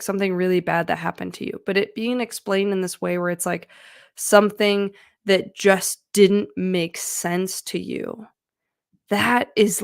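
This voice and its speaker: A woman's voice: medium pitch, creaky, smooth, no room sound, studio quality. A woman giving casual, earnest advice on feelings to her viewers, chatty and full of fillers. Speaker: mental health vlogger. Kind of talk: casual talking-to-camera advice.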